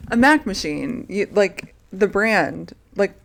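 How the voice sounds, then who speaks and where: Gravelly woman with a Delco accent. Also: mid-range voice, lively intonation, slow pace. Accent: Delaware County Philadelphia. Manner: teasing, quizzing her co-host. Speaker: podcast co-host. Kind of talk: casual podcast chat.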